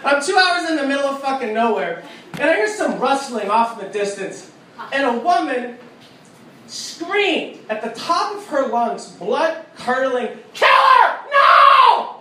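Loud, profane comic ranting on stage. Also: male voice, very high voice, sing-song, normal speed, a little hiss or hum. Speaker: stand-up comedian. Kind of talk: live stand-up set. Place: comedy club stage. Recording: echoey club recording from a distance. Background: audience ambience and laughter.

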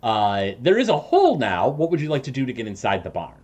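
A man serves as game master for a tabletop game. He narrates haltingly and restarts often, and his voice rises and falls in lively swings. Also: medium pitch. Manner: halting, many fillers and restarts.

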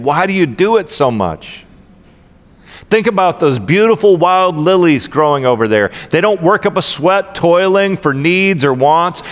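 A man reading the words of Jesus aloud in a slow, measured, gentle voice during a sermon. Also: on the high side. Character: Jesus, calm gentle man teaching a crowd. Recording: long hall reverb.

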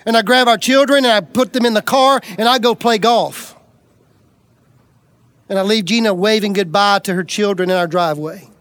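A high-pitched middle-aged man from Alabama gives a sermon testimony. He tells his own story in an emphatic, confessional way, like a storyteller. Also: moderate pace, fairly bright tone. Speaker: preacher giving testimony.

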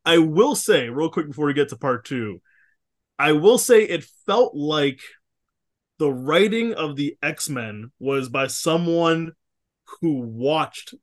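A man's voice: on the high side, lively intonation, slow, dry recording, studio quality. A man co-hosting a podcast, recapping a cartoon episode in laid-back, joking chat with swearing and frequent laughs. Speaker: podcast co-host. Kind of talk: casual comic recap chat.

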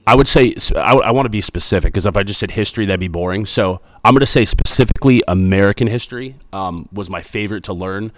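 A man's voice: on the low side, fast, hardly any pauses, slight background noise. A man in his thirties, a school principal, answering student questions in a chatty, upbeat, joking way. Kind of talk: casual interview answers.

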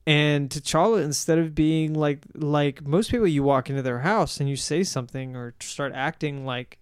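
A man's voice: fairly high pitch, normal speed, few pauses, clear, resonant tone, no echo, clean studio sound. A man co-hosting a podcast, chatting casually about a film and thinking aloud with lots of "like"s. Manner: relaxed, thinks aloud with many "like"s. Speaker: podcast co-host.

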